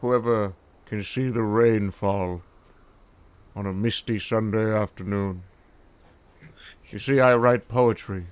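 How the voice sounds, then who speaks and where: A man voicing a pretentious male amateur poet in a smooth, mock-poetic recital. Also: fairly low pitch, fairly even intonation, takes it slowly, pauses often, dry recording, voice pushed down.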